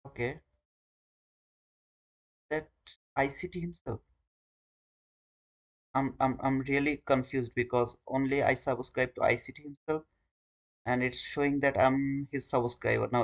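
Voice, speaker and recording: A man's voice: mid-range voice, fairly even intonation, a little slow, pauses often. Earnest man hosting a trading live stream. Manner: earnest, informal, talks straight to viewers.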